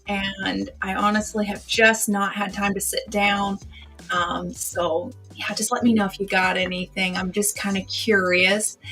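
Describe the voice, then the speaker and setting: A woman hosts a casual livestream, chatting and greeting viewers by name. Her voice sits on the high side and sounds pushed and bright.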